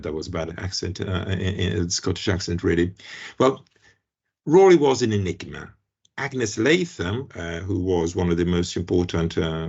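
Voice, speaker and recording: A man's voice: on the low side, gravelly, breathy edge, muffled recording. A man with an Italian accent giving an academic seminar lecture, hesitant, with many fillers and restarts. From Italy. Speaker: guest lecturer.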